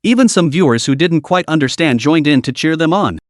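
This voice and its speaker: A man's voice: fairly high pitch, animated, fairly quick, no room sound, studio quality. A man narrating a comic story recap in a scripted storytelling style, voicing every character himself.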